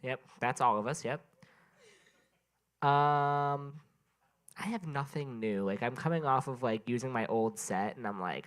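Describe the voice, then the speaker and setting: A man's voice: mid-range voice, unhurried, long pauses, fairly bright tone. A man doing a stand-up set at an open mic in a small venue, sleep-deprived and rambling, breaking off to chat with the crowd. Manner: rambling, self-interrupting, chatting with the crowd.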